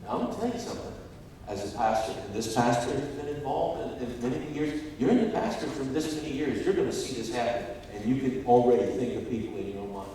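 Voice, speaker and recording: A man preaching a sermon as a pastor, telling a story and rising to loud, emphatic peaks. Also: medium pitch, expressive, fast talker, a little hiss or hum. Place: large church sanctuary. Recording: echoey hall, distant mic.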